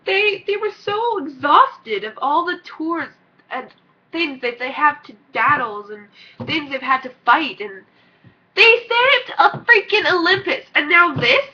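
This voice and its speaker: Squealing excitable teen girl vlogger. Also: high-pitched, a little slow. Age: teens. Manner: excitable, rambling, squealing fan. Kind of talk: gushing casual vlog. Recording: dull lo-fi recording.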